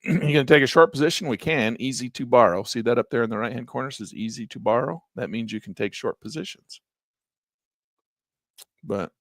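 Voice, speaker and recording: Gravelly-voiced man teaching chart trading. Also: medium pitch, no echo, studio quality. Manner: casual, thinks aloud while clicking through charts; chatty asides to viewers. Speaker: trading instructor. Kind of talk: live screen-share trading lesson.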